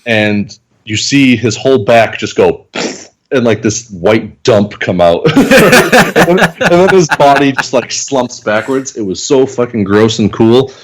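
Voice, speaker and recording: A man's voice: medium pitch, expressive, unhurried. A man reviewing movies on a podcast, retelling scenes blow by blow in a profane, vivid way and acting out the characters' lines. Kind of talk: casual chat.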